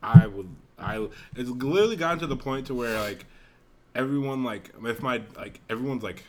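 A man's voice: medium pitch, normal speed, a little hiss or hum. A young man hosting a podcast, chatting casually and telling stories full of swearing. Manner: profane, animated storytelling. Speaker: podcast host. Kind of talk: casual chat.

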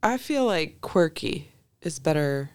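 A woman, a podcast guest talking in a relaxed, dryly joking way. The studio sound is close and dry. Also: low voice, slow, clean tone, no room sound. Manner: relaxed, wry, laughs easily. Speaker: podcast guest, craft creator. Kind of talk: casual chat.

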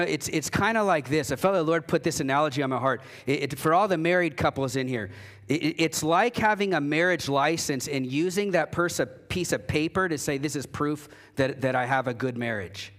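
A pastor preaching a sermon in a church, talking conversationally and emphatically, acting out quoted voices, with frequent restarts. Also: male voice, fairly high pitch, moderate pace, fairly bright tone. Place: church sanctuary.

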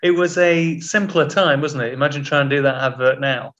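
Man, quiz host, dry teasing, slightly high pitch. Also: fairly quick, a bit bright, dull audio. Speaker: podcast co-host, quizmaster. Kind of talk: casual comedic chat.

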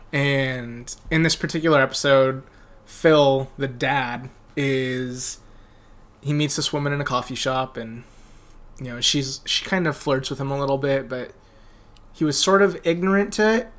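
A man's voice: medium pitch, a bit bright. A young man co-hosting a podcast in casual chat, rambling through a story and laughing often as he acts out quotes. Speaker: podcast co-host.

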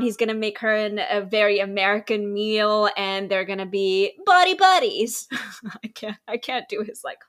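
A woman's voice: mid-range voice, a bit bright. A woman hosting a podcast, chatting enthusiastically and rambling a little, often laughing. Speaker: podcast host. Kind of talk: casual chat.

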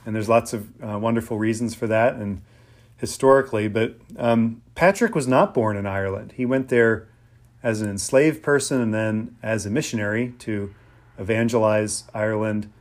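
A man from Pennsylvania preaching an informal, conversational sermon, with frequent pauses, ums and restarts. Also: fairly low pitch. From Pennsylvania, USA.

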